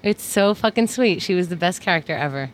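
A woman's voice: lowish voice, lively intonation, fairly quick. Blunt chatty woman. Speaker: podcast co-host. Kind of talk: casual chat.

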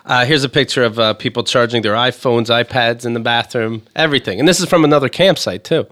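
A man's voice: mid-range voice, fast, fairly bright tone. A man co-hosting a casual chat, making dry joking asides.

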